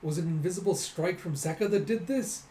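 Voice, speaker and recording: A man hosts a casual comic readthrough, animatedly narrating the action and voicing the sound effects himself. His voice is high-pitched and mellow, fairly quick, recorded in an echoey room with faint noise.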